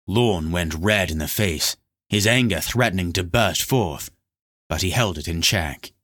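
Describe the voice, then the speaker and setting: Guy narrating a fantasy audiobook, low voice, bright and punchy, steady read. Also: measured pace, dry recording, studio quality.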